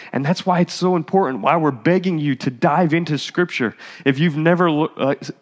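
Man preaching in a reverberant church hall. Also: on the high side. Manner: conversational preaching, rising to exhortation. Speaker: pastor. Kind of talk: sermon.

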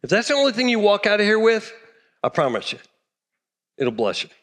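A man's voice: high voice, sing-song, a little fast, fairly bright tone. A middle-aged man from Texas, preaching a sermon emphatically and repeating key phrases. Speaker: pastor.

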